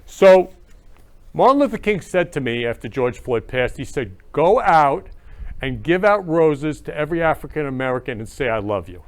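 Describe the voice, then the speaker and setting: A man's voice: on the high side, very animated, normal speed. A man hosting his own show, talking in a gushing, repetitive way. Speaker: show host. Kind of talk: emotional casual talk.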